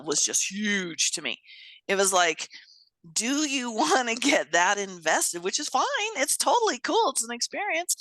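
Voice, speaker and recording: A woman's voice: a little high, bright, forceful tone, dry recording. A woman hosting an interview, chatting casually, telling stories with frequent laughter and acted-out quotes. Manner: chatty storyteller, laughs often, acts out quotes. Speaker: host.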